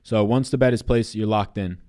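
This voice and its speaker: A man's voice: fairly low pitch, steady tone, fairly quick, mellow. A man in his twenties on a casual live stream, giving fantasy basketball picks and answering chat in a loose, profane way. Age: 20s.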